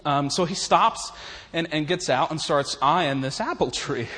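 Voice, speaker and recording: A man's voice: fairly high pitch, unhurried, bright, forceful tone. A man preaching in a humorous, folksy way, chuckling his way through stories. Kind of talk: humorous storytelling sermon. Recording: long reverb of a large hall.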